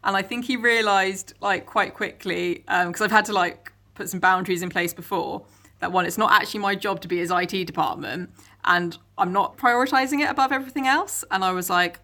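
A woman's voice: medium pitch, fairly quick, sharp tone. A woman co-hosting a casual chat, telling rambling anecdotes full of fillers and quoted dialogue. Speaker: podcast co-host.

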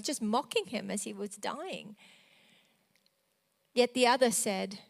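A woman preaching a devotional sermon, earnest and emotional, moving from loud emphasis to a hushed near-whisper. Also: on the high side, slow pace, vocal fry, pauses often.

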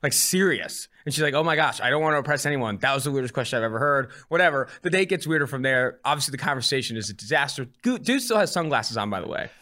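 Young guy in his 20s, podcast host, talks super fast, jokey storyteller. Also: mid-range voice, expressive, pushed and bright. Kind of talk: casual podcast chat.

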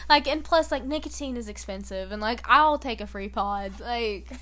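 Young female host, bright tone, lively and profane, laughs through her stories. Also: a little high, moderate pace. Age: young adult. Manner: animated, swearing, acts out quotes with laughter. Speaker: podcast host. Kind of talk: casual chat.

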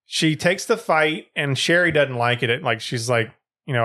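A man's voice: medium pitch, normal speed. Man animatedly retelling a story. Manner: animated storyteller, acts out quotes with swearing. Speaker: podcast co-host retelling a story. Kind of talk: casual podcast chat.

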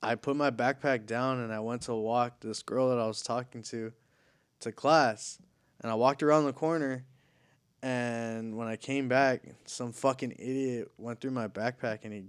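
A man's voice: medium pitch, fairly even intonation, normal speed, clean tone. A man telling a story in casual chat, slangy and profane.

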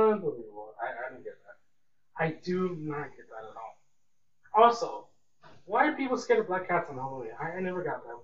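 A young man hosting a casual solo podcast, rambling and repeating words like "really" and "man". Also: on the high side. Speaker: podcast host. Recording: echoey room, distant mic, dull lo-fi sound, faint hiss.

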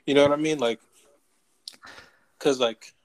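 A man's voice: a little high, fairly even intonation, a little slow, low-quality recording. A man chatting casually as co-host, rambling with lots of fillers and asking questions. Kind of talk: casual chat.

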